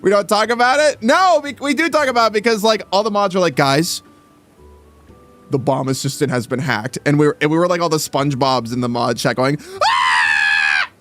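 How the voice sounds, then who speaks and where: A man's voice: high voice, fast talker, few pauses, fairly bright tone, soft background music. A man chatting casually on his livestream, stammering through restarts and swearing as he talks. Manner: thinks aloud while adjusting his mic sound. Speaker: streamer.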